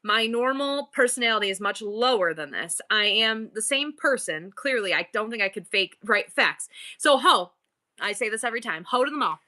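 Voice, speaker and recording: A woman's voice: on the high side, lively intonation, normal speed, pushed and bright. A middle-aged woman hosting a live-selling stream, bubbly and playful in an exaggerated customer-service voice, rambling between topics. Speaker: online live-selling host. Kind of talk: casual livestream chat.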